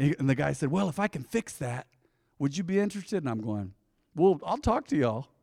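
A man, preaching a sermon as pastor and telling a story from the pulpit, loud exhortations giving way to hushed asides. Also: a little high, no echo, studio quality, big-room sound.

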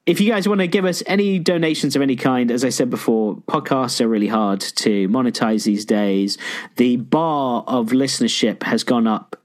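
A man co-hosting a casual podcast, recapping episodes with excited jumps up in pitch and plenty of swearing. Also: normal speed. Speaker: podcast co-host.

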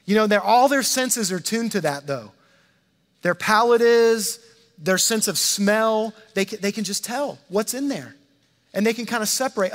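High-voiced preacher in a reverberant hall. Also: male voice, expressive, moderate pace, a bit bright. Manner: conversational preaching, dramatizes quotes, repeats words. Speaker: pastor. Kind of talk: sermon.

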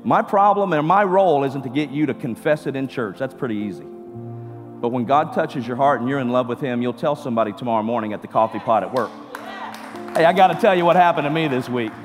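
A man's voice: mid-range voice, a little fast. Man preaching in an echoing hall. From California. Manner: preaching with rising emphatic bursts. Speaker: pastor. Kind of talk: sermon. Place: church sanctuary. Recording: church hall reverb with music.

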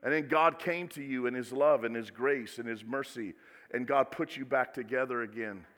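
A male pastor preaching a sermon, swinging from quiet asides to loud, dramatic exclamations. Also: medium pitch, moderate pace. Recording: echoey hall with long reverb.

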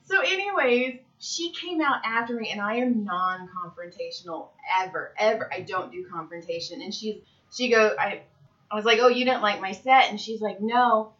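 A woman comedian in casual chat, telling stories in an animated, profane way. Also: mid-range voice, normal speed. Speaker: comedian and podcast co-host. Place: Santa Clarita area. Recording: dull lo-fi recording.

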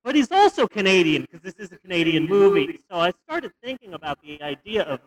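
A young man co-hosting a podcast, telling stories in a rambling, animated way with stumbles and restarts. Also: high-pitched, a little fast, a little hiss or hum, low-quality recording. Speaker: podcast co-host. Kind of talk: casual comedic movie review chat.

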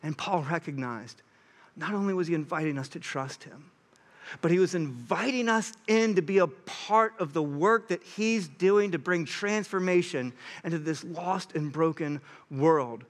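A young man preaching a sermon, earnest and animated, sometimes acting out what others say. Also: a little high, unhurried. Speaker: pastor.

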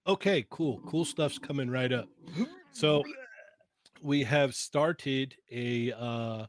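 A man's voice: medium pitch, slow pace. A man hosting a casual group livestream, upbeat and laughing easily as he reads viewer messages. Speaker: livestream host.

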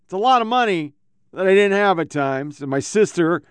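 A man's voice: sits high, animated, normal speed, smooth, no room sound. A man hosting his own podcast, telling rambling, profane stories to his own microphone at a home computer setup. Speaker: podcast host. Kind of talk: casual rambling monologue.

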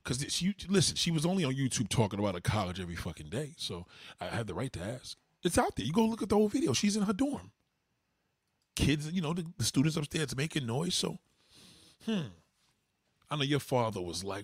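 Husky, animated man talking on a livestream. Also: mid-range voice, brisk, no room sound, clean studio sound. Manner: loud, profane, animated storytelling. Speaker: livestream host. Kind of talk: casual livestream chat.

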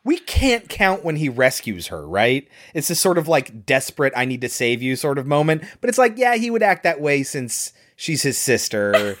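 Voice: mid-range voice, huge pitch swings, normal speed, few pauses. A co-host in casual chat who walks through a horror film's plot with dry asides. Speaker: podcast co-host.

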